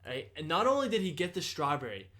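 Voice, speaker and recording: Young male podcast host with a slightly high voice, loose and profane, says "bro" constantly. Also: wildly swooping pitch, fast talker, pushed and bright. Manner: swears freely, says "bro" a lot. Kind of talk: casual chat.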